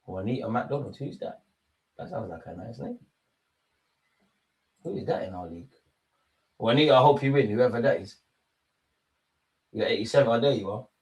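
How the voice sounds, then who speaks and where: A man's voice: mid-range voice, expressive, moderate pace, pauses often, husky, dull audio. A man hosting a live football watch-along stream, chatting loosely and bantering with his viewers in slangy speech.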